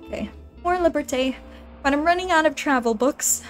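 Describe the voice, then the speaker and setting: A woman's voice: sits high, normal speed, faint music behind. A woman streaming a game, chatting casually to her viewers, giggling and rambling as she plays. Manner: giggly, rambling, talks to chat. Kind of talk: casual gaming stream chat.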